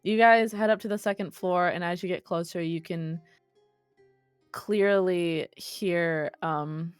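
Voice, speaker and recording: A woman running a tabletop role-play, who narrates in a casual and loose way. Her voice is on the low side and recorded dry and close, with faint guitar music behind her. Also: steady tone, slow, smooth, no room sound. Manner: casual, swears, laughs. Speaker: game master.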